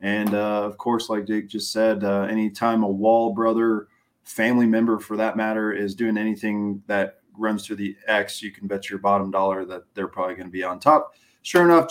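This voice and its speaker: A man with a fairly low voice co-hosts a racing show. He runs through the results in an easygoing, rambling way. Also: moderate pace. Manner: relaxed, rambling with fillers. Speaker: co-host, racing recap. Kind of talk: casual chat.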